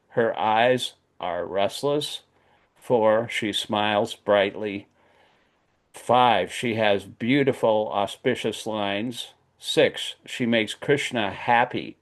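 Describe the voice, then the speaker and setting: A man with a fairly low voice leads a class over a video call. He reads scripture aloud in a steady, list-like manner, adding short comments of his own.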